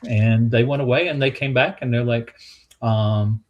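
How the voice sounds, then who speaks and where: A man's voice: medium pitch, fairly even intonation, moderate pace, lo-fi sound. A man with a Southern US drawl spins a loose, meandering historical story in casual conversation. He stumbles and restarts often, slipping into quoted voices as he goes. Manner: rambling anecdotal, with restarts and acted quotes. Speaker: museum staff guest.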